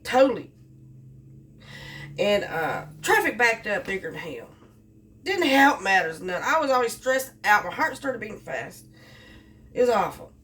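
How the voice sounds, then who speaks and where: A woman's voice: mid-range voice, fairly bright tone. A woman telling a rambling story about her delivery job, repeating herself as she goes. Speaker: delivery driver. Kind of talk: casual storytelling vlog. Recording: distant mic with faint background noise.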